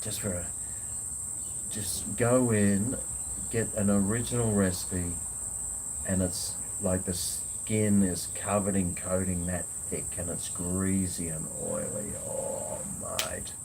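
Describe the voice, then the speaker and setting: A man's voice: low-pitched, takes it slowly, noisy background. An Australian man, a food vlogger, chatting casually and rambling in a laid-back way on a home veranda. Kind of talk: casual live chat.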